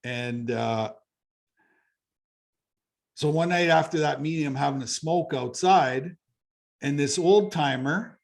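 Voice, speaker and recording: A man's voice: on the high side, slow, creaky, pauses often. A middle-aged man from Canada, telling a personal story as an interview guest in a blunt, conversational way, swearing freely and repeating phrases for emphasis. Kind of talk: candid storytelling.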